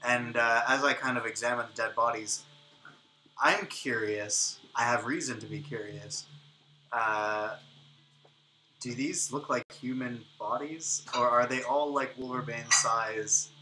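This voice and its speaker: A man's voice: medium pitch, fairly even intonation, measured pace, sharp tone, slight background noise, low-quality recording. A man playing a tabletop game, talking in a hesitant, hedging way. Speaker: player. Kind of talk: casual tabletop play.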